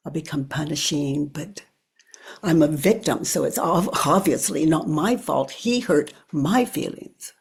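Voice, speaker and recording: Husky older woman, quiet and reflective. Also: deep voice. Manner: slow and reflective, often sinking to a hush; thinks aloud with pauses. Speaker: spiritual teacher. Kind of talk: guided self-inquiry talk.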